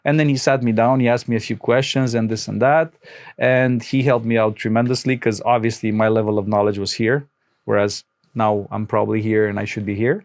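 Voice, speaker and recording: A man hosting a relaxed podcast conversation. He tells his story animatedly, jumping up in pitch as he acts out the voices he quotes and laughing between lines. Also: fairly quick. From Romania. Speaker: podcast host. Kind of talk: casual storytelling chat.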